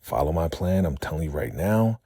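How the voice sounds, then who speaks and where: A man's voice: a bass voice, animated, normal speed, gravelly, mellow, breathy edge, dry recording, clean studio sound, heavily acted. A man voicing a determined young woman escaping a cult, urgent and insistent, in a vlog recap.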